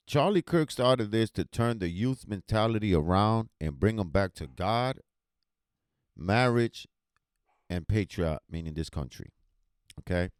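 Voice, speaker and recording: A man hosting his own online talk show, ranting with heated emotion and frequent swearing. His voice sits on the low side but swings widely in pitch as he presses each point. The sound is dry and close, with little room echo. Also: lively intonation, unhurried, clean tone. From United States. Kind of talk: heated commentary to camera.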